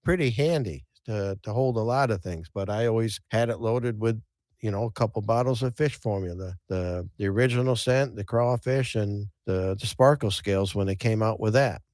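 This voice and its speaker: A fairly low-pitched, slightly mellow male voice belongs to a podcast host who fishes. He tells casual, folksy fishing stories at a moderate pace, often restarting and repeating words, in a studio-quality recording with no room sound.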